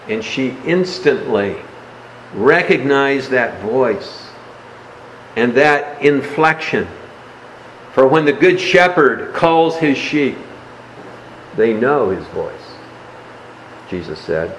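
A man preaching a sermon, explaining a Bible passage in a measured way and dropping his voice softly on key words. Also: medium pitch, animated, reverberant, highs cut off, a little hiss or hum.

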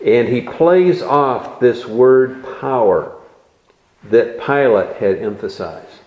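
Guy preaching slow and careful, leans on key words, echoey room, kinda dull sound. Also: mid-range voice, lively intonation. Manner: measured teaching, stressing key words. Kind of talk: expository sermon.

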